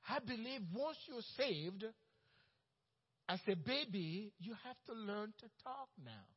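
A man's voice: sits high, slow pace, slightly rough. Man preaching in a reverberant church. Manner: animated, acts out quoted coworkers, swings from loud to hushed. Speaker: pastor. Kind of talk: sermon. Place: church sanctuary. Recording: dull sound with long church reverb.

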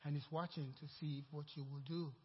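A man preaching a sermon as pastor, acting out the voices in his story with animated emphasis. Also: a little high, fairly quick, husky. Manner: animated preaching, acts out quoted dialogue. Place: church sanctuary. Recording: dull echoey church hall recording.

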